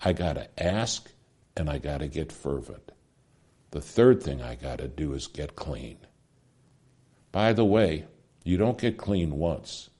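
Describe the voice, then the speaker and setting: Middle-aged male preacher, dark and husky, dramatic pulpit delivery with hushed drops. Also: extremely low pitch. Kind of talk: sermon.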